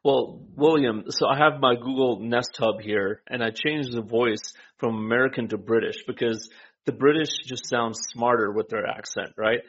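A man with a mid-pitched voice chats in an easygoing, joking manner on a political talk show. His recording sounds dull and lo-fi. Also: normal speed.

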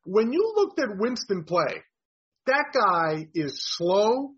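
A man's voice: high voice, very animated, slow pace, a bit bright, breathy edge. A man talking fantasy football analysis in a frank, emphatic way. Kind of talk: casual sports talk. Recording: dull lo-fi audio.

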